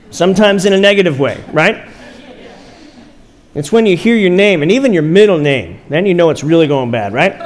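A man preaching a sermon, telling a story in a conversational way with rhetorical questions and slow pauses for emphasis. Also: fairly high pitch. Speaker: pastor.

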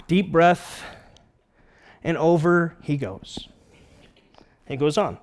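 A man's voice: a little high, big pitch swings, a little slow, long pauses. A middle-aged man preaching a casual sermon, retelling a scripture story with jokes and playful quoted voices. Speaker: pastor.

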